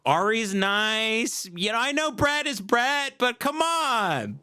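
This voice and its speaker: A man's voice: a little high, animated, a little fast, sharp tone, clear, resonant tone. Nagging, pleading wife, stammering and coaxing, as a male comic voices her.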